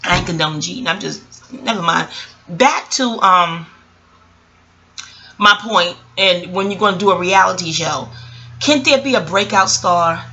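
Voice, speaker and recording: A woman giving a casual, rambling recap of a TV show. She is profane, animated and keeps digressing. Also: lowish voice, unhurried, long pauses, muffled recording. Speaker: YouTube TV reviewer.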